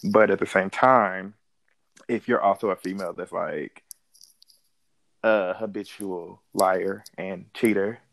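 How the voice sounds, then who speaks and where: A man's voice: sits low, fairly even intonation, slow pace, gravelly, long pauses, fairly bright tone, no room sound, poor audio. A man in his thirties, a little drunk, talking casually with many restarts and laughs. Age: 30s. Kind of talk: casual chat.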